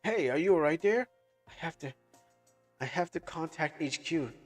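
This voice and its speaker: A man's voice: on the high side, animated, normal speed, long reverb tail, faint music behind, pitched above the performer's own voice. A man voicing an anxious young male street bookseller who talks urgently and trips over his words.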